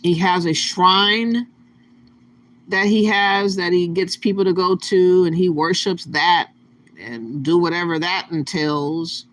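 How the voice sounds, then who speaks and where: A man hosts his channel with casual, plain-spoken reaction commentary, his voice a little on the high side. A faint hiss of noise sits under his talk. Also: steady tone, slow pace, a bit bright. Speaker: channel host.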